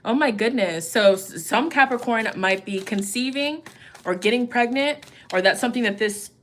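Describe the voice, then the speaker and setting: A woman's voice: a little high, animated, moderate pace, fairly bright tone, a little hiss or hum. Chatty, encouraging woman tarot reader. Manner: chatty, encouraging, peppered with "you know" and "okay?". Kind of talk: casual livestream tarot reading.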